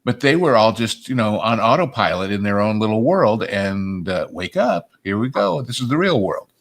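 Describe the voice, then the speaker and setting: A man's voice: on the low side, sing-song, normal speed. A man co-hosting a casual news commentary show, speaking wryly and emphatically and quoting history. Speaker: co-host. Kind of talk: casual political commentary chat.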